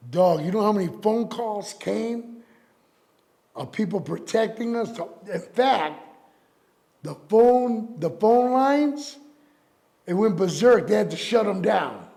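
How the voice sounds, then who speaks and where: Speaking slowly with long pauses, a middle-aged rapper and DJ spins profane stories in an animated interview, imitating the voices of the people he quotes. His voice is high-pitched, expressive, creaky, and mellow.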